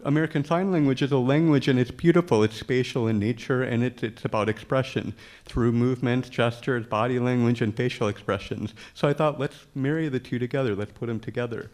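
A man's voice: medium pitch, fairly quick, few pauses. A man telling a personal story to an audience in a humorous way, often chuckling as he talks. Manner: acts out dialogue with lively quoted voices.

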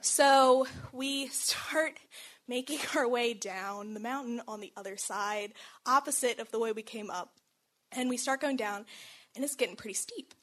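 A woman's voice: on the high side, unhurried, a bit bright. A young woman telling a personal story in a casual, chatty way, laughing often and saying "like" a lot.

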